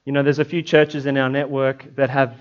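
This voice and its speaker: A man giving a conversational sermon. He is reflective and often drops into a soft, prayerful tone. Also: medium pitch, little pitch movement, brisk, muffled recording. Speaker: preacher.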